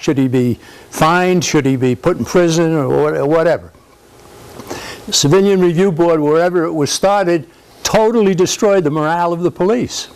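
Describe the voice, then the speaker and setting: An older man gives an informal speech to a live audience at a political society event in a country club function room, rambling conversationally with frequent restarts. His voice is fairly high and darkish, and the recording is low quality.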